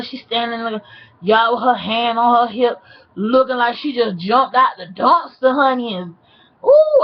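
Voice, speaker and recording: A woman telling a casual story in a sassy, animated way, with drawn-out asides. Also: on the high side, highs cut off. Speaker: vlogger.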